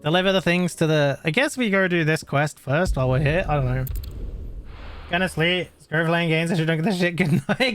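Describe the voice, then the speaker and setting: Mężczyzna, streamer gier, swobodnie komentujący rozgrywkę, często się śmieje, klnie i zwraca się do widzów oraz do postaci. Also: male voice, on the high side, moderate pace, fairly bright tone. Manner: giggly, swears a lot, talks to chat and the characters. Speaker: gaming streamer. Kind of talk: casual gameplay commentary.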